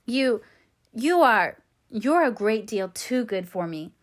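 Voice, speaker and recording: A woman's voice: a little high, sing-song, takes it slowly. A woman reading a spirited, earnest young woman. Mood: earnest, remorseful. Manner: earnest, gently firm. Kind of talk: audiobook reading.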